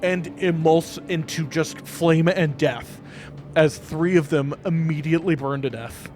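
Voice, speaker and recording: A man's voice: a little high, steady tone, unhurried, a little mellow, slight background noise. A man running a tabletop game as game master, narrating in a casual way with laughs and acted screams.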